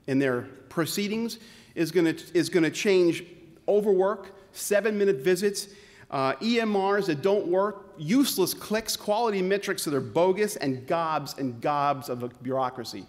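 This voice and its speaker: Sarcastic male keynote speaker in a hall. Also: high voice. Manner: sarcastic, punchy comic delivery. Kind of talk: comedic keynote talk. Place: conference hall. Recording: long hall reverb.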